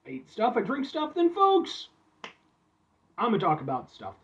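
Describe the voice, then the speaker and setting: Chatty guy doing a food review vlog, high bouncy voice, kinda muffled audio. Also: fast. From Illinois, USA. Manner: excitable, chatty, keeps addressing viewers as folks. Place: back room at home, seated.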